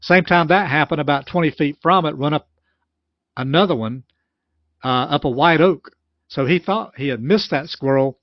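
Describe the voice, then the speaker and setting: Man, slightly high voice, plain explanatory commentator retelling a story, restarts often; dry, lo-fi recording. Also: no echo.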